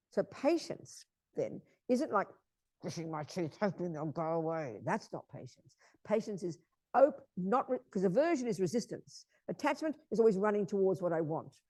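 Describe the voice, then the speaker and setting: A woman teaches Buddhism emphatically, repeating key phrases and often asking her listeners whether they understand. Her mid-range voice has a warm tone, and the recording is dry.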